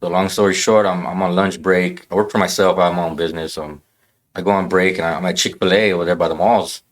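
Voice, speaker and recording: A man with a low voice speaks fast and bluntly, telling a story in a casual podcast chat. He is profane and keeps saying "bro". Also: fairly even intonation. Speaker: podcast guest.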